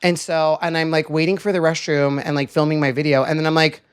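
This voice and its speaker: A man's voice: on the high side, little pitch movement, fast, clean tone. A young man co-hosting a podcast, telling a story in a casual, rambling way full of "like". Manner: rambling storytelling with many likes. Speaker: podcast co-host. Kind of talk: casual chat.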